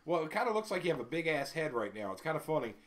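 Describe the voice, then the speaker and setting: A man's voice: a little high, sing-song, rapid-fire. A man co-hosting a casual podcast chat, joking around and laughing often.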